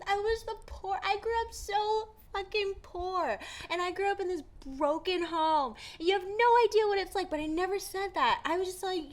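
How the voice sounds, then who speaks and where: A woman guest speaks candidly in a casual conversation, telling her own story with strong emphasis. Her voice sits notably high. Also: moderate pace, few pauses. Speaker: guest artist.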